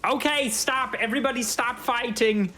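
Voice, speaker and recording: A man's voice: very high voice, normal speed, faint music behind, voice pushed up. A man voicing a lead male Triton warrior in a tabletop game, panicky and bossy, with a put-on German accent. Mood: commanding. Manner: panicky, shouting orders.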